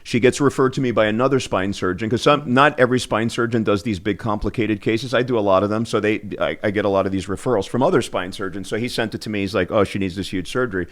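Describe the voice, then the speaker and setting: A man's voice: lowish voice, quick pace, few pauses. A man, a spine surgeon, telling patient stories in an interview, restarting often. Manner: animated, acts out patients' voices, restarts often. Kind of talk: storytelling in a podcast interview.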